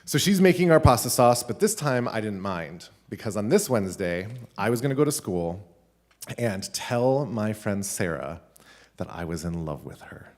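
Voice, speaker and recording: A man, a teacher, telling a funny personal story live at a school event, animated and laughing between lines. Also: fairly low pitch, normal speed. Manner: animated, laughing, with many "like" fillers.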